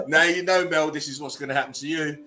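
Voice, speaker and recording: A man's voice: on the high side, fairly even intonation, quick pace, over a noisy crowd. A man casually reading memes aloud as host, laughing often between them.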